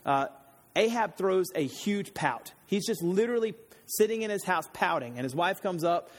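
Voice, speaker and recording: Guy pastor with a pretty high voice, laid back sermon, tells bible stories like he's chatting with friends. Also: expressive, moderate pace. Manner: chatty storyteller, retells scripture in everyday slang. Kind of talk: casual Bible teaching sermon.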